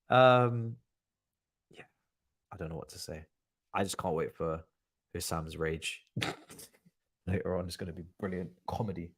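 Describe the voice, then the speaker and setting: A man's voice: sits low, a little slow, pauses often. Rambling man streaming football. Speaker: streamer hosting a football watchalong. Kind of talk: casual live-stream chat.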